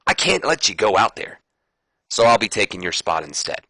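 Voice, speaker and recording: A man's voice: on the low side, big pitch swings, moderate pace, pushed and bright, no echo, full character voice. A man voicing a stern, self-righteous male wrestling team captain with firm, lecturing lines.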